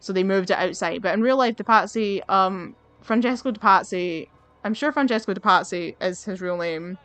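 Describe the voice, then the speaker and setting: A woman's voice: medium pitch, normal speed, a bit bright, no room sound, faint music behind. A young woman hosting a let's play, ranting in an exasperated way and swearing as she plays and reads up on history. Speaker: gaming channel host.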